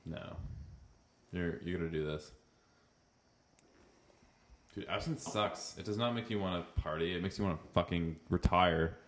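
Deep-voiced drunk man cracking crude jokes. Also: moderate pace, long pauses, a little hiss or hum. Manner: crude, profane and joking. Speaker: podcast host. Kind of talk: casual chat. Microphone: mic on a stand.

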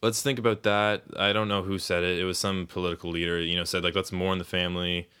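A low-pitched man talks loosely on a podcast, wandering through his thoughts with plenty of swearing and bursts of laughter. His voice has a bright, forceful edge. It comes across smooth and resonant. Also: level tone, fast talker. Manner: rambling, swears often, laughs mid-sentence. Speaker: podcast co-host. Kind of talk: casual chat.

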